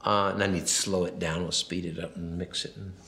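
A man's voice: low-pitched, little pitch movement, brisk, gravelly, pushed and bright, reverberant. A man giving a film commentary, rambling and anecdotal, acting out quoted dialogue as he goes. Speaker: film director.

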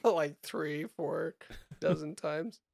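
Gravelly, rambling podcast co-host man. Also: on the high side, steady tone, darkish tone, dry recording, studio quality. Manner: rambling, halting, many fillers. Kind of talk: casual chat.

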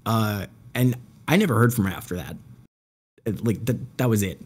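A man spins a long, profane story for his friends on a group call. His voice is slightly husky, and he acts out every person in the tale as he goes. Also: on the low side, animated, normal speed. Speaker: podcast guest telling a story. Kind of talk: casual storytelling among friends.

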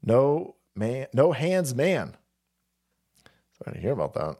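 A man's voice: mid-range voice, huge pitch swings, slow pace, dark tone. A foul-mouthed man hosting a livestream, reading viewer chats and rambling through his commentary with frequent restarts. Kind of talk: casual profane stream commentary.

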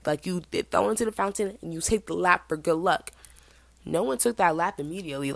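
A woman in her twenties hosting a podcast, telling a story in a chatty, animated way and feeling a bit sick. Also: brisk, vocal fry, no echo. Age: 20s. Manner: chatty, animated, mimics other people in high voices. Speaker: podcast host. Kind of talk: casual storytelling monologue.

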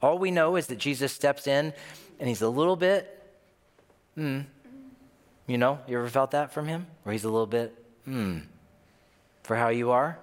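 A man's voice: medium pitch, normal speed, pauses often. A man preaching a sermon, telling a story vividly and acting out the voices of the people in it. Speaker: pastor. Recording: long hall reverb.

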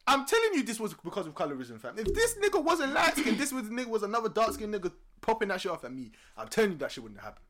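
A young London man tells a story in casual podcast chat. His bright, forceful voice leaps up high when he gets worked up. He is animated and breaks into laughter often. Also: fast talker. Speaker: podcast co-host.

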